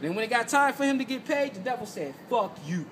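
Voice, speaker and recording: Man, very high pitch, profane emphatic street preaching, loud background noise. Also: animated, fast talker. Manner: emphatic, profane, repeats "you know what I'm saying". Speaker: host.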